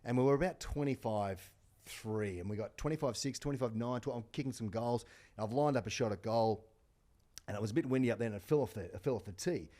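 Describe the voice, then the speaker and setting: A middle-aged Australian man, a guest on a podcast, telling sports stories in casual chat with lots of animated restarts. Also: mid-range voice. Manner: rapid animated storytelling with restarts. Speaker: podcast guest, former rugby player.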